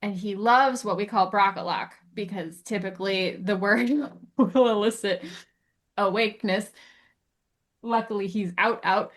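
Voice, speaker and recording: A woman co-hosting a pet behavior podcast who tells animated stories and laughs often. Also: medium pitch, unhurried. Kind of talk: casual chat.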